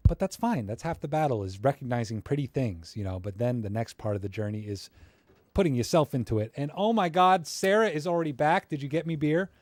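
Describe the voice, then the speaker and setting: A young man chats his way through viewers' photos on a live stream, cracking jokes and drifting into rants. His mid-range voice is animated, a little fast and slightly mellow. The sound is close and dry with no echo or room around it.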